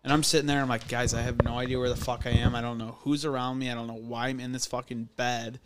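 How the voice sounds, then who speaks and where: A man's voice: medium pitch, little pitch movement, fast talker. A young man, a podcast guest, telling a profane story loosely and full of fillers. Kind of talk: casual storytelling. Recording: audible background noise.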